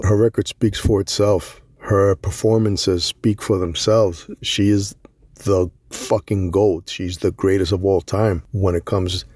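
A man's voice: on the low side, mellow, no echo. Blunt, profane man talking boxing. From Puerto Rico. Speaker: boxing commentator. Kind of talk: casual opinion monologue.

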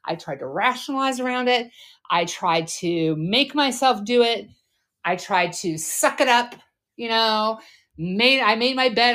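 A podcast co-host in her forties speaks candidly and earnestly about her past, her fairly high voice often trailing off softly.

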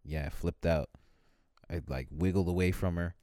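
A man's voice: moderate pace, warm tone, no room sound, clean studio sound. A man casually chatting and telling rambling stories, often mimicking other people. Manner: rambling storyteller, mimics people in high voices. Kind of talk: casual chat.

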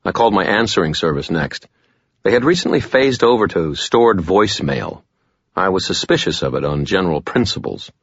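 A man narrating a first-person audiobook in a wry, deadpan way. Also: deep voice, moderate pace, breathy edge, no echo, lo-fi sound.

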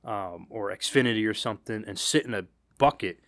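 A man's voice: lowish voice, fairly quick, no room sound, clean studio sound. A man who is a podcast guest, a former delivery driver now in private investigation, telling stories in rambling casual chat. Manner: relaxed, rambling talker who quotes his own thoughts.

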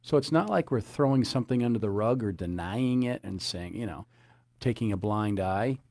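A man's voice: lowish voice, lively intonation, normal speed, darkish tone, no echo, studio quality. A man preaching a sermon as a pastor, earnest, often repeating his phrases and citing scripture.

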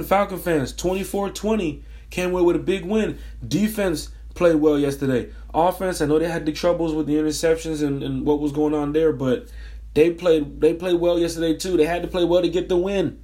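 A man hosting a sports fan podcast, his voice hoarse from screaming, talking in energetic, repetitive hype. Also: fairly high pitch. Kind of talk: casual sports fan monologue.

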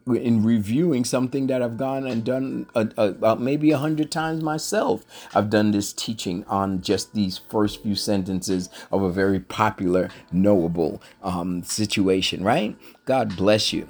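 Man preaching a bible lesson, husky, lowish voice, fervent call-and-response asides. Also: normal speed, darkish tone. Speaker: podcast Bible teacher. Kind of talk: preaching-style Bible teaching.

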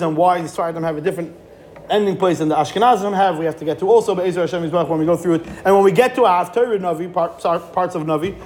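A man giving a Torah class, animated, with rhetorical questions and frequent restarts. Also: sits high, slight background noise. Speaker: Torah teacher.

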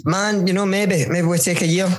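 A young Scottish man and stand-up comic, chatting on a podcast in an animated, jokey, sweary way. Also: sits high, normal speed, rough recording. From Scotland. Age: young adult. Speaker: stand-up comedian, podcast co-host. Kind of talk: casual chat.

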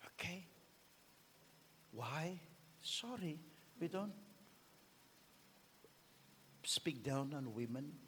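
A man preaching a fiery sermon as pastor, swinging between shouts and hushed whispers. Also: fairly high pitch, expressive, takes it slowly, a little hiss or hum. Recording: long hall reverb.

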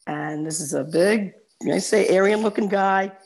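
A man's voice: sits high, moderate pace. A woman voicing a small, frightened man who stammers nervously. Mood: scared. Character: small scared assimilated man on a train.

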